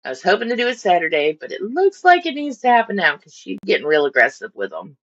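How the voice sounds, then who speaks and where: A woman with a slightly low voice talks casually through a home live stream, rambling and stopping to give her fish silly little voices. The sound is dull and lo-fi, like stream audio. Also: wildly swooping pitch, quick pace, a bit bright.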